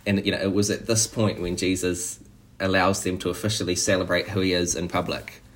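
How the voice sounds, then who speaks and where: Casting: man, low-pitched voice, preacher, conversational sermon with easy restarts. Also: flat delivery, brisk. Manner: conversational, frequent "you know" and restarts.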